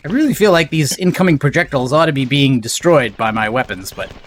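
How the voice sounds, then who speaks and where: A man's voice: medium pitch, expressive, fast talker, slight background noise. A man casually chatting on a live game stream, rambling and greeting viewers in chat. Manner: rambling, reads out chat names.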